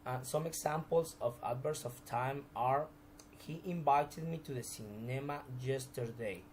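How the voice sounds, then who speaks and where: A man's voice: mid-range voice, unhurried, a little mellow, a little hiss or hum, rough recording. A man teaching a recorded grammar lesson, explaining examples step by step with frequent restarts.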